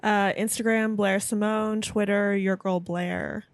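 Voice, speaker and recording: Measured woman in podcast chat. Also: medium pitch, flat delivery. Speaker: comedian guest.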